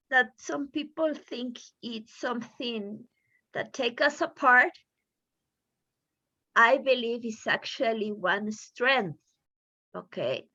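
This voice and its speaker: A woman from Peru with a Peruvian Spanish accent, speaking English as a second language, talking excitedly and with feeling in a casual panel discussion. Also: a little high, lo-fi sound. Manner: excitable, emotional, laughs while talking.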